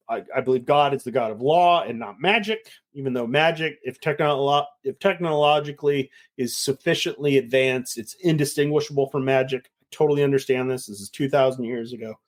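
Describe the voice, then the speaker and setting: A middle-aged man, a winemaker, chatting casually and telling a lively story, acting out the voices of the people in it. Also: on the high side. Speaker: winemaker guest. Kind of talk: casual chat.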